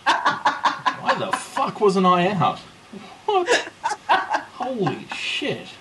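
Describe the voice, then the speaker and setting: A man's voice: high voice, wildly swooping pitch, extremely slow, very noisy. Sweary joking man podcasting. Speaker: podcast co-host. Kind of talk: casual chat.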